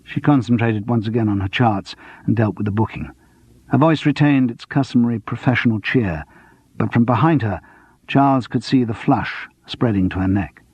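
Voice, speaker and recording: A man narrating a cozy mystery audiobook in an expressive, steady storytelling manner. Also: medium pitch, moderate pace, husky, no echo. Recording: dull lo-fi dry audiobook recording.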